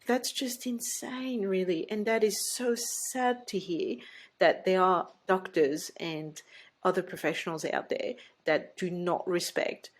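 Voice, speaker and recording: A woman's voice: fairly low pitch, steady tone, a little slow. A woman, hosting a casual chat as a doula and speaking earnestly and emphatically. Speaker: doula and podcast host.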